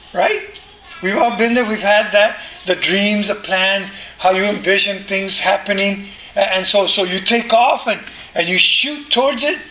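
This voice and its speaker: A man's voice: sits high, sharp tone. A man preaching a sermon to a congregation, talking casually and asking the listeners questions. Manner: conversational, asks the congregation questions. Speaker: pastor. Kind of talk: sermon teaching. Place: church hall with congregation. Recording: roomy hall sound with faint noise.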